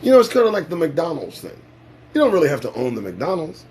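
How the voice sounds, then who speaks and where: A man's voice: a little high, wildly swooping pitch, fast, a little mellow, slight background noise. A man hosting a casual live-stream show, talking in a profane, sarcastic and preachy way. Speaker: livestream show host.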